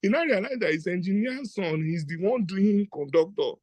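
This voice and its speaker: A man with a Nigerian accent doing stand-up storytelling on stage, animated and acting out the people in his tale. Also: high-pitched, normal speed, dry recording. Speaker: comedian. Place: stage at a live event.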